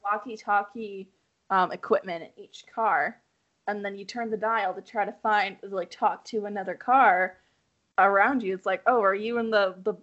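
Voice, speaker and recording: A woman's voice: medium pitch, fairly even intonation, normal speed, a bit bright. A woman in casual chat who laughs often and riffs playfully. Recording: slightly dull lo-fi sound.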